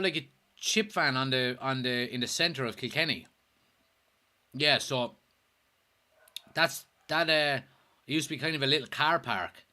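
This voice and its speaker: An Irish man hosts a casual football watchalong livestream in a slightly high, sharp-toned voice, cracking jokes, swearing, and reading viewers' comments out loud.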